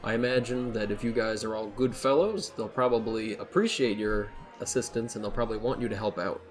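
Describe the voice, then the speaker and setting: A man's voice: on the low side, steady tone, a little fast, faint music behind. A man running a tabletop game as game master, narrating casually with many fillers.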